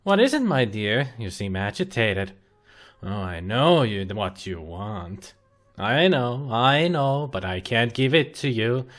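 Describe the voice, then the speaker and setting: A man reading the lines of a creepy middle-aged woman who murmurs softly and dotingly to her pet in an adventure game. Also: mid-range voice, sing-song, slow, soft background music. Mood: cooing.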